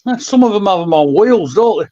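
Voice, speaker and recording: A man's voice: high voice, lively intonation, normal speed, mellow, no echo. A man making short, dry remarks in casual banter, swearing. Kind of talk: casual banter among friends. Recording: dull, dry lo-fi audio.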